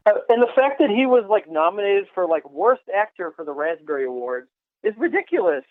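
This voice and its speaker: A man co-hosting a podcast, chatting with many fillers and halting restarts, often laughing. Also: sits high, sing-song, no room sound. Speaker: podcast co-host. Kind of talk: casual chat. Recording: tinny phone-like line, dry.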